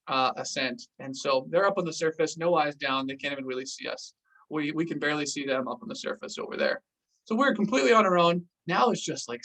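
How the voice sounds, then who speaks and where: Casual, animated storyteller, mid pitch, recorded at a distance from the mic. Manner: casual, lots of "like", acts out gasps and exclamations. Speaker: host recounting a diving story.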